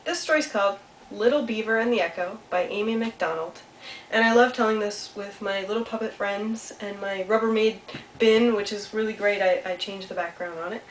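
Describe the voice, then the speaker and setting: A woman telling a children's story with puppets, animated and asking the kids questions. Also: mid-range voice, moderate pace. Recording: roomy sound from a distance, faint hiss.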